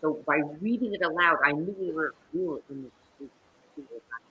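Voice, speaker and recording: A woman who is a guest actress, telling stories in a theatrical, animated way during an interview on a video call. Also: low voice, brisk, husky, low-quality recording. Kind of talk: interview conversation.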